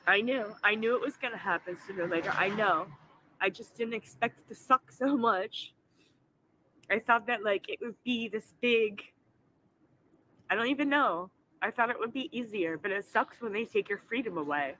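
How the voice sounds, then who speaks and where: A tearful woman in her forties vents into her phone, swearing often through her upset in an emotional vlog monologue. Her voice is bright and sharp-edged, and faint noise sits behind it. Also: medium pitch, normal speed, low-quality recording. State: crying. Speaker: vlogger.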